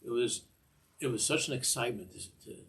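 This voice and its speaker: A man's voice: mid-range voice, fairly quick, a bit bright. An older man teaching a Torah class in a discursive way, often repeating words and mixing in Hebrew phrases.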